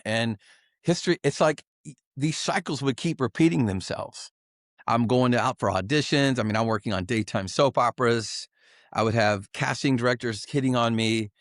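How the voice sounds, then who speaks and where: A man's voice: medium pitch, normal speed, dry recording, studio quality. A man guest on a podcast giving an emotional, earnest personal testimony, often restarting and repeating himself.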